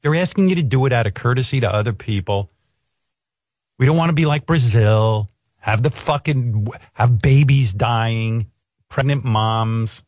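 A man's voice: lowish voice, darkish tone, no echo. A male comedian ranting in an exasperated, sarcastic way, swearing constantly as he reacts to a clip. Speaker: comedian and show host. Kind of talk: profane comic rant.

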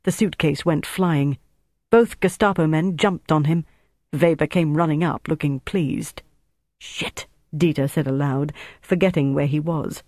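A man narrating a thriller audiobook in a steady, measured way. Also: fairly high pitch, no room sound, clean studio sound.

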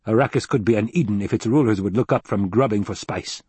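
A curt, guarded desert planetologist, as a male audiobook reader puts him on, clipped and wary, pitched up from a low, husky voice. The recording is close and dry. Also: fast, darkish tone, no room sound. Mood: stiff, guarded. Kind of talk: audiobook character reading.

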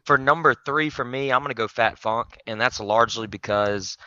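A man's voice: mid-range voice, moderate pace, pushed and bright, dry recording, dull audio. A man co-hosting a casual beer-tasting podcast, joking and laughing easily. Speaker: podcast co-host.

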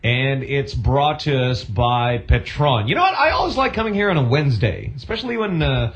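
A man's voice: mid-range voice, lively intonation, normal speed, dull audio. A man hosting a radio show, bantering casually, joking and often stammering.

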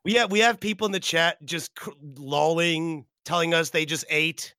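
A man hosting a casual livestream podcast, excitable and profane, often breaking into laughter. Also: fairly high pitch, moderate pace, smooth, no room sound, clean studio sound. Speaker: podcast host.

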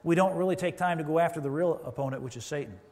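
A man's voice: on the high side, racing, darkish tone. A man preaching a sermon as pastor, conversational, with asides and quoted voices. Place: church sanctuary. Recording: reverberant church hall.

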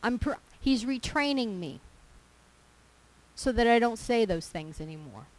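Woman preaching, kinda high voice, earnest, leans hard on the scripture bits. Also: lively intonation, low-quality recording. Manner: earnest, emphatic scripture reading with slow stresses. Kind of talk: sermon.

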